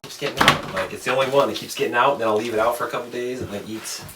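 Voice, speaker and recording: Podcast host, male, quick rambling storyteller, roomy sound with faint background noise. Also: medium pitch, recorded from a distance. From Alaska. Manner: rambling, swearing, acts out quoted people. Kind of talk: casual storytelling chat.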